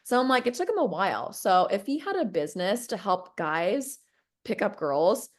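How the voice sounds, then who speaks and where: A woman casually telling a personal story on a podcast, full of likes and whatevers, jumping up in pitch whenever she quotes someone. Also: moderate pace. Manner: animated, acts out quoted voices with big pitch jumps; filler-heavy, says like and whatever often.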